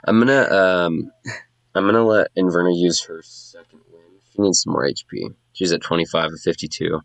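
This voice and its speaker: Deep-voiced man running a tabletop game. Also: gravelly, no echo, low-quality recording. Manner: casual, quick, lots of fillers. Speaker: game master.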